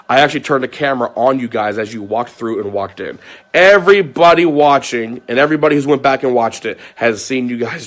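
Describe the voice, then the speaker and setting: A man at an ordinary middle pitch airs a grievance straight to camera. He repeats himself, stumbles over restarts, and drops curses as he builds his case. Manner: aggrieved, repetitive, swears often. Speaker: vlogger. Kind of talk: ranting monologue to viewers.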